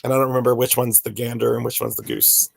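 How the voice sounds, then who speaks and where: A man's voice: mid-range voice, steady tone, quick pace, vocal fry, dry recording. A man in his forties, talking in a rambling way full of fillers and restarts in a casual podcast chat. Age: 40s.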